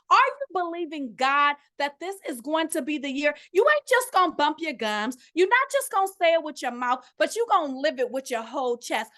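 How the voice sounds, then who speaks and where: A high-pitched middle-aged woman hosts her solo coaching podcast. She talks in an animated, sermon-like way, mixing encouragement with casual slang and quick asides to her listeners. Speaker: life and relationship coach, podcast host.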